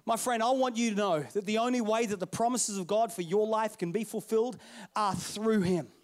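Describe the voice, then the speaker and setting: A high-pitched man over thirty-five, talking at normal speed, preaches a sermon built on stories, swinging between loud bursts and hushed lines.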